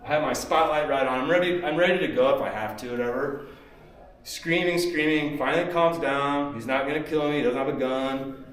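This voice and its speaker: A man's voice: fairly high pitch, fairly quick, fairly bright tone. A man speaking at a seminar, telling a story casually and rambling, with many "you know"s and acted-out quotes. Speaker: seminar speaker, tournament kayak angler. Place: expo seminar hall. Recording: echoey hall, mic far off.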